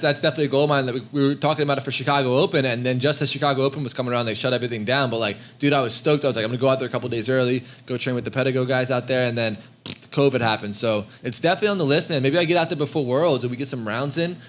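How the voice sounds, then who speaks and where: A man who is a jiu-jitsu competitor, a guest on a podcast, talking in a relaxed, joking way. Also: mid-range voice, very fast. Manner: relaxed, joking, laid-back. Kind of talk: casual podcast chat.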